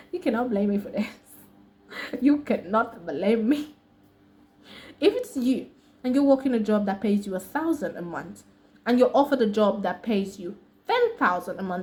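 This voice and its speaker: A woman with a fairly high voice and an American accent tells a story to camera in a casual vlog. Her talk is chatty and slangy, often broken by laughs. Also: darkish tone. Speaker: vlogger.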